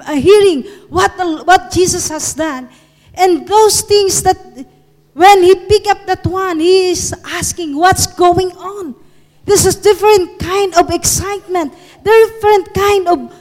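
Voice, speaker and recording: A woman's voice: extremely high pitch, a little mellow. A woman preaching a sermon in an earnest, emphatic way that rises in force. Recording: long reverb of a large hall.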